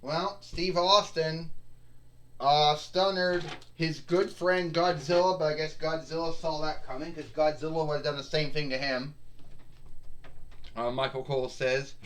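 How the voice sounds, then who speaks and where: Man, toy wrestling commentary, rambling, restarts, slow, slightly high voice. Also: steady tone, a bit bright, slight background noise. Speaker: play-by-play narrator.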